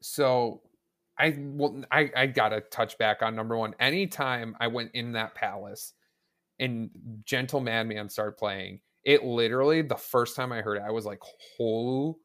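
A man's voice: mid-range voice, normal speed, fairly bright tone. A man chatting on a casual podcast as a guest, enthusiastic and rambling, often restarting his sentences. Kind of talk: casual podcast chat about a video game.

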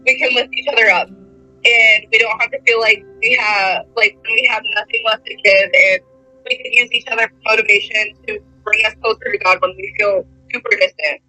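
A woman's voice: mid-range voice, fairly even intonation, normal speed, sharp tone, faint music behind, poor audio. A young woman on a casual faith chat, speaking hesitantly and filling her sentences with "like". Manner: hesitant, full of likes. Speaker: guest.

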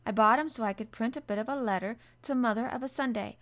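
A woman's voice: on the high side, quick pace, voice pushed up, natural voice. A woman voicing a blunt, cheerful young housemaid with a broad Yorkshire accent, talking in hearty dialect.

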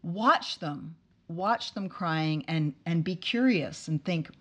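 A woman hosting a casual interview, speaking in a thoughtful, reflective way with quick bursts of speech. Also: lowish voice, lively intonation. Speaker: interviewer, host.

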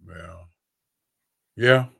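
A man's voice: very slow, bright, forceful tone. A man hosting a casual sports podcast, often repeating words as he gathers his thoughts. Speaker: podcast host, former player.

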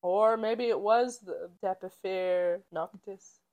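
A woman's voice: medium pitch, slow, a little mellow. A young woman co-hosting a podcast, telling a story in casual chat, giggly and teasing.

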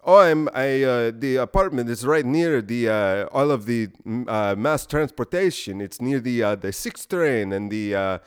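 A man's voice: medium pitch, lively intonation, a little slow, few pauses, smooth, lightly acted. A man putting on a fumbling Indian-accented landlord. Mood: flustered. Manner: hesitant, searching for words. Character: fumbling male landlord on the phone.

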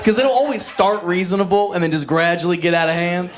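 Male stand-up, slightly high, brash and profane, live theater, loud crowd laughter. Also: fairly even intonation, fast talker. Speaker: stand-up comedian. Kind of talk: stand-up comedy routine. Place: large theater stage before a live audience.

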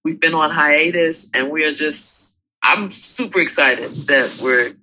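Bright-voiced woman co-host, halting and earnest. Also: low voice, a little hiss or hum, poor audio. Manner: earnest, halting, repeats words. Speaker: podcast co-host. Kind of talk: casual chat.

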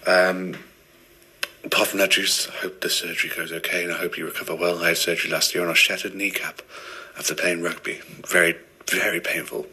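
A man's voice: low-pitched, flat delivery, fairly quick, bright, forceful tone, breathy edge, rough recording. A man from the Newcastle area of England leaving a voice message for a podcast, speaking in a put-on posh, formal way. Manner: mock-posh, formal delivery. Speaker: listener sending a voice message.

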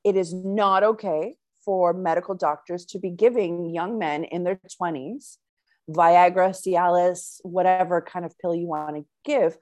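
A woman's voice: on the low side, unhurried, no echo. Woman, Canadian accent, interview guest, candid, laughing, dry sound. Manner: frank, laughing and lively. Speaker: guest, sexologist and psychotherapist. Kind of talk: casual interview chat.

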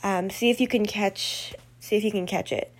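A woman's voice: medium pitch, steady tone, moderate pace. A woman reading her own story aloud in a plain way, turning casual with fillers when she chats off the script.

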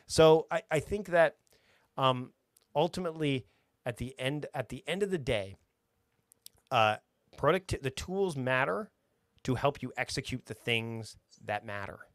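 A man talking as a podcast guest, energetic and rambling, often restarting his sentences. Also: medium pitch, measured pace, pauses often, no echo, clean studio sound. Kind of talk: casual conversation.

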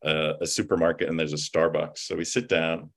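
A man, a film writer and producer, chatting casually and telling animated stories full of fillers and digressions. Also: rumbling low, brisk. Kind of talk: casual chat.

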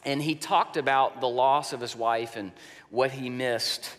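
A man preaching a sermon as pastor, in a slow, deliberate way, often dropping his voice soft for emphasis. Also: medium pitch, fairly even intonation. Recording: long reverb of a large hall.

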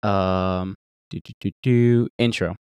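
A man with a Southern accent hosting a solo podcast, rambling and swearing, jumping between loud outbursts and muttered asides. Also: mid-range voice, lively intonation, normal speed. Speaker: podcast host. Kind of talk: casual solo podcast rant. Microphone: desk microphone held close.

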